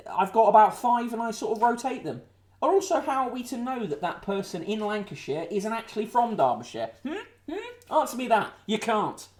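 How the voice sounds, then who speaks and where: Sardonic man rambling through the papers. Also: high-pitched. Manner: sardonic, rambling, with frequent fillers. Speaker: host. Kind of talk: casual live-streamed newspaper review.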